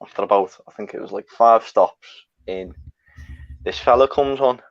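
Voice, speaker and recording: A man's voice: on the low side, normal speed, gravelly, dry recording. A young man telling a rambling, sweary travel anecdote in a casual chat. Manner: swearing, rambling, laughs at own story. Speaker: storyteller guest. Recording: dry, slightly dull mic.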